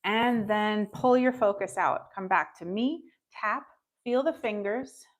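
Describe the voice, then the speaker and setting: A woman's voice: mid-range voice, slow pace. A woman leading a live tapping session, upbeat and encouraging, reading out viewers' scores and having them repeat phrases after her. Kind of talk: guided tap-along with live chat check-ins.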